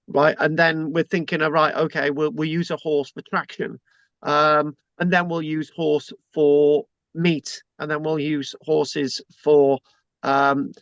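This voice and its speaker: A man's voice: a little high, fairly bright tone, no echo, muffled recording. A British man hosting an informal online lecture, chatty and joking, often restarting his sentences, over a video call. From Britain.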